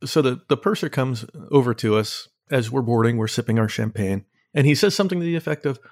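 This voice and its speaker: Male podcast co-host, playful storyteller, very lively intonation, dry close sound. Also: mid-range voice, fast talker, hardly any pauses, no room sound. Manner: animated, playful, mimics people he quotes. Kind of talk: casual travel chat.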